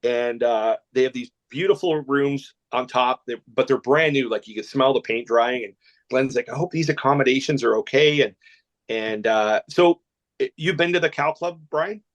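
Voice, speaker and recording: A man from Canada, a guest telling a long anecdote, rambling and animated, with lots of restarts. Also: medium pitch, normal speed. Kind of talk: storytelling anecdote.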